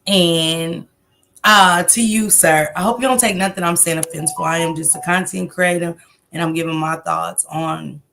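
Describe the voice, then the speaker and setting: Gravelly low-voiced woman livestreaming. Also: steady tone, moderate pace, a bit bright, slight background noise. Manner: greets chat viewers by name between loose, rambling commentary. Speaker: livestream host. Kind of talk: casual livestream chat.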